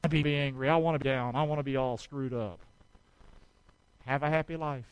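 A man preaching a sermon, calling on the congregation to repeat after him and swinging between shouts and quiet asides. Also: mid-range voice, fairly even intonation, a little fast, clean tone, low-quality recording. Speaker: pastor.

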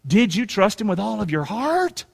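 High, lively folksy preacher man. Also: normal speed, gravelly, husky, big-room sound. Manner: folksy, preacherly, rising to shouts. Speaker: pastor. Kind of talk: sermon.

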